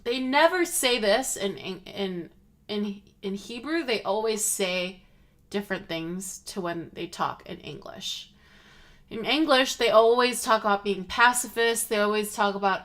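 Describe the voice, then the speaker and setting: A woman's voice: mid-range voice, measured pace, fairly bright tone. A woman streamer giving casual political commentary, rambling with lots of "like" fillers and feeling car sick.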